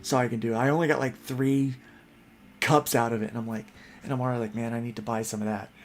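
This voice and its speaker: A man hosting a casual chat, telling rambling, animated stories full of restarts. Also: medium pitch, fast talker, slight background noise. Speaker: podcast host.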